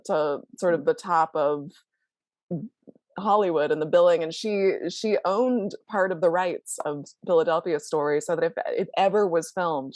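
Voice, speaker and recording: A woman co-hosting a podcast, telling film history in a lively, animated way. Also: deep voice, no room sound. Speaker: podcast co-host. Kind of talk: casual film discussion.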